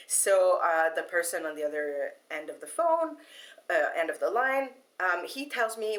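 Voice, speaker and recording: Animated woman telling a story. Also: fairly low pitch, a little slow. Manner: animated, laughing, frequent fillers and restarts. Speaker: vlogger. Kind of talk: casual storytelling to camera.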